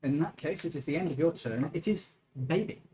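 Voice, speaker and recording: A man's voice: on the high side, brisk, mellow, a little hiss or hum. A man narrating as game master of a live-streamed tabletop game, explaining rolls and describing actions.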